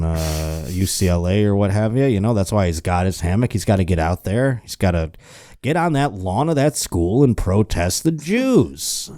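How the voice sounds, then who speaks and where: A man's voice: on the low side, mellow, no room sound, clean studio sound. A man hosting a casual comedic news show, rambling and joking while hungover. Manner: rambling, joking, self-interrupting. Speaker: host.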